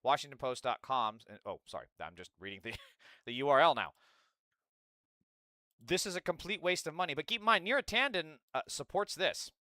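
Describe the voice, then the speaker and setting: A man's voice: a little high, expressive, brisk, bright, forceful tone, no echo, studio quality. A man hosting a political commentary livestream, talking in a profane, sarcastic and rambling way. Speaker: livestream host.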